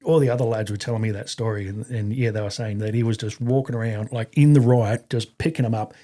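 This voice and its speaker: A middle-aged Australian man who served in the army tells casual stories quickly, his voice on the low side, dark, and fairly even in intonation. The telling meanders with frequent fillers and restarts, and he voices the quoted characters himself.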